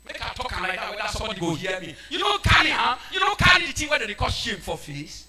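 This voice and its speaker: A man with a Nigerian accent preaching a sermon, shouting and switching into Pidgin. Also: sits high, sing-song, fast talker, few pauses.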